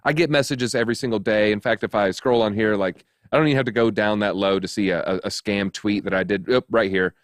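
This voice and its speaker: A man's voice: on the low side, quick pace, few pauses, no echo, clean studio sound. A man hosting a crypto news show, talking casually in a chatty, joking, rambling way with lots of fillers. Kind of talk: casual chat.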